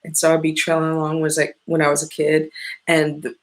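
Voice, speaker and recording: A woman's voice: low voice, monotone, a little fast. A woman from the American Midwest chatting casually as a podcast host, rambling, swearing freely and often losing her train of thought. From Midwestern United States. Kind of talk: casual chat.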